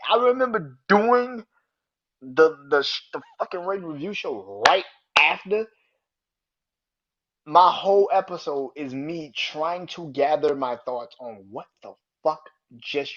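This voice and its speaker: A man rants on his own podcast, heated and profane, his slightly high voice spiking loud and then sinking to a grumble. The recording sounds dull and lo-fi. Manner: angry, profane, swings from loud outbursts to low muttering. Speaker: podcast host. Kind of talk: casual solo podcast rant.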